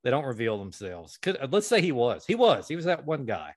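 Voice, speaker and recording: A man hosting a podcast, telling a long, profane story with lively energy. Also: mid-range voice, fairly quick, dry recording, studio quality. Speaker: podcast host. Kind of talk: casual storytelling chat.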